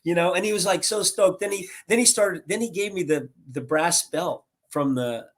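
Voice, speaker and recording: An American man in his sixties, a guest rambling through animated anecdotes over a video call. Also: high-pitched, moderate pace. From United States. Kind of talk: casual storytelling interview.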